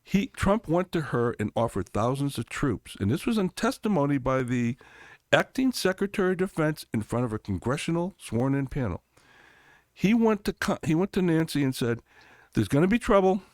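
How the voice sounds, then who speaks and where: Animated middle-aged man, emphatic and lively. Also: a little high, normal speed, dry recording, studio quality. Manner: emphatic, storytelling, voices others' quotes. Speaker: congressional candidate. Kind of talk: animated political interview talk.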